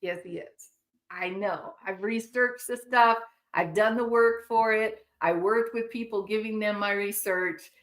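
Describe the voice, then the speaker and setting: A woman's voice: mid-range voice, steady tone, measured pace, a bit bright. A woman hosting a commentary channel, talking in an emphatic, indignant way, with rhetorical asides to her viewers. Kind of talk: opinionated commentary.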